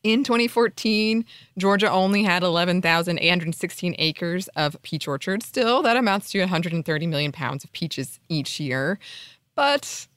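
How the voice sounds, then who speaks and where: A woman's voice: fairly low pitch, fairly bright tone, clear, resonant tone, no room sound. Playful woman podcast co-host, dry sound. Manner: playful, mock-outraged, laughs often. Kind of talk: casual chat.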